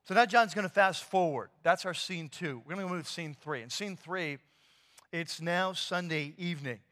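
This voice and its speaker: A pastor retelling a scripture story in a sermon, animated and casual with slang and fillers. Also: male voice, high voice, moderate pace. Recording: long hall reverb.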